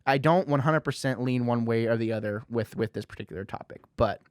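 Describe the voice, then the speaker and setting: A man hosting a casual podcast, talking in an animated way with lots of "you know" fillers. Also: mid-range voice, a little fast, no echo, studio quality. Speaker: podcast host.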